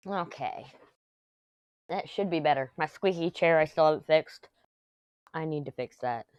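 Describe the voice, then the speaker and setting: Working on a craft at home, a middle-aged woman who vlogs about crafting chats casually and wanders through family stories. She has a low voice, and the recording is dry and lo-fi.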